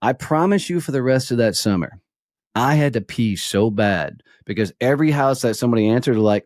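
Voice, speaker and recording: A man's voice: medium pitch, expressive, fairly quick, darkish tone, no room sound, studio quality. A middle-aged man speaking bluntly and casually as an interview guest, telling a story with the odd swear word.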